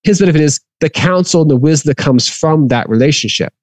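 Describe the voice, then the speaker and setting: A man's voice: a little high, quick pace, no room sound. Man teaching scripture, dry sound. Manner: reads aloud then explains conversationally, acting out quotes. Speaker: Bible teacher.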